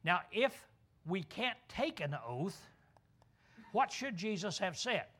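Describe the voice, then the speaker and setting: A man's voice: sits high, animated, slow, pushed and bright, husky. A man preaching a sermon, asking questions and answering them himself, drawling key words for emphasis.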